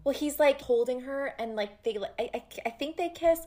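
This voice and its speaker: A woman's voice: high voice, normal speed, warm tone. A woman co-hosting a book podcast, talking emotionally in casual chat and quoting passages. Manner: emotional, quotes passages aloud.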